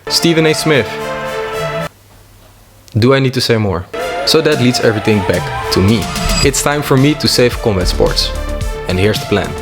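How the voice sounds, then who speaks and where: A young man narrating a comedic vlog in a jokey, deadpan way, with asides to himself. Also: mid-range voice. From half French. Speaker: YouTuber.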